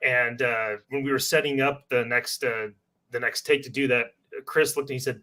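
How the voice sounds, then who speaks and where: A man's voice: medium pitch, steady tone, normal speed, pushed and bright. Laughing man recounting set stories. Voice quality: laughs often, uses lots of fillers. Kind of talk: casual chat.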